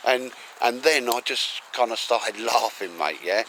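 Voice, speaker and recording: A man's voice: mid-range voice, a little slow, a bit bright, a little hiss or hum, rough recording. A man vlogging outdoors in woodland, rambling and joking and laughing often as he talks. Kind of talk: casual walk-and-talk vlog.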